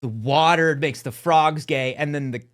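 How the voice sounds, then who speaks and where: A man's voice: a little high, normal speed. A man co-hosting a casual talk show, telling a long funny story and acting out the voices of the people in it. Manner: animated storyteller, acts out quoted voices. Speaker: podcast co-host.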